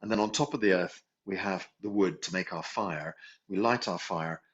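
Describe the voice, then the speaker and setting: A man's voice: low-pitched, moderate pace, fairly bright tone. A man teaching a healing class, musing aloud, correcting himself and chuckling as he goes. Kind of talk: relaxed spoken class instruction. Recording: dull lo-fi recording.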